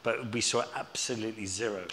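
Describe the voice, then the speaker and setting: Fairly quick and steady, this man's fairly low voice sounds bright and forceful as he rambles through anecdotes, full of restarts and repeated words. He's a live Q&A guest on a stage in a hall facing an audience. Slight background noise, live hall reverb, and faint ambience are audible.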